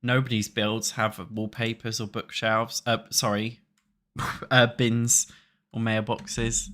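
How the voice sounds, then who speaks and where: A young man with a British accent talks loosely to his viewers as he plays, rambling and cursing between tasks. His voice is bright and sits at an ordinary middle pitch, close on a desk mic. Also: flat delivery, takes it slowly. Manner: chatty, swears freely, talks to chat. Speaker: streamer. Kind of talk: casual chat while playing a building game.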